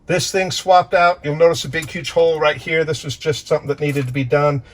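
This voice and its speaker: A man talking earnestly to camera as the owner and pilot of a plane under maintenance, animated and full of restarts. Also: fairly high pitch, fairly quick. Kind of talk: casual walkthrough vlog.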